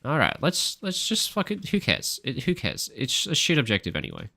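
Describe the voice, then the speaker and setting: A young man gives live commentary while he plays, his voice bright and ringing. His pitch swings widely as he talks, and he swears freely while calling out orders to his teammates. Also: huge pitch swings, moderate pace, vocal fry. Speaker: streamer and coach.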